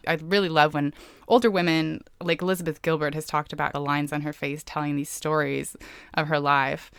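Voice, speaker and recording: A woman's voice: low voice, creaky, fairly bright tone, clean tone, no room sound, clean studio sound. A woman in her forties co-hosting a podcast, chatting in a reflective way and laughing often. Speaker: podcast co-host. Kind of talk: casual chat.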